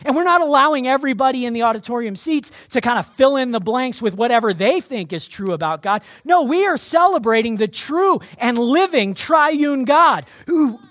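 A male pastor delivering a sermon to his church in an emphatic, energetic way. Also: very high voice, normal speed, few pauses, no room sound, studio quality.

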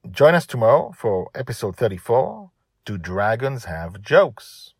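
A man reading his own serial story aloud, telling it in a gentle, earnest way. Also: medium pitch, very animated, measured pace, slightly rough, dry recording, clean studio sound. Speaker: author and reader of a serial story. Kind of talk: storybook narration.

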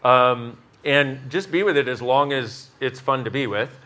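Man, bright tense voice, teaching a live class, animated, acts out voices, swears freely. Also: mid-range voice, unhurried. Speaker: workshop facilitator. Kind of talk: live workshop talk. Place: class in front of an audience.

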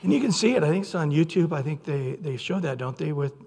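A man preaching a sermon as pastor, earnest and storytelling, with sudden loud quoted outbursts. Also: on the high side, expressive, fast talker, gravelly, breathy edge. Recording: long hall reverb.

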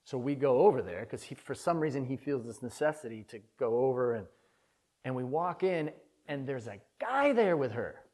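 A man's voice: medium pitch, lively intonation, normal speed, a little mellow. A man preaching a conversational sermon, telling a personal story in an earnest, candid way that swells with feeling.

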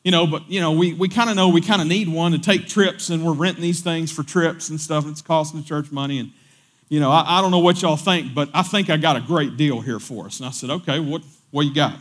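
A man, a pastor telling a story during a sermon in a conversational way, often repeating words and quoting people in animated voices. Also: fairly high pitch, a little fast.

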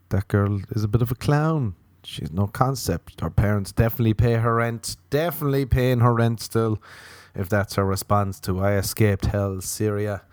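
A man doing a rambling, crude comic monologue, self-mocking, often jumping into high mocking voices to quote people. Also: a little mellow, dry recording. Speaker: comedian.

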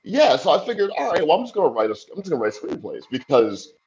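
A man's voice: a little high, sing-song, quick pace, darkish tone. A man in his forties, a screenwriter being interviewed, telling stories in a loose, chatty way, full of "like" and "you know" asides and easy laughter. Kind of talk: casual storytelling. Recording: dull lo-fi recording.

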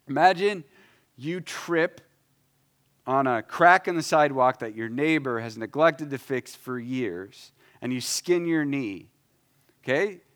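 A pastor with a fairly high voice gives a conversational sermon, voicing short prayers himself. He swings between loud, emphatic lines and quiet asides.

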